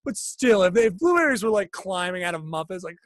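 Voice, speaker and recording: A man's voice: high-pitched, big pitch swings, a little fast, a bit bright, dry recording. A man chatting casually as a podcast guest, rambling and swearing freely. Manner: rambling, profane, puts on goofy voices.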